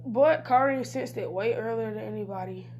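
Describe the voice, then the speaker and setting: A woman's voice: fairly high pitch, normal speed, a little mellow, slight background noise. A woman casually retelling a fan-made story in a rambling, slangy way, often restarting and correcting herself. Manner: offhand slangy speech. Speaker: YouTube storyteller.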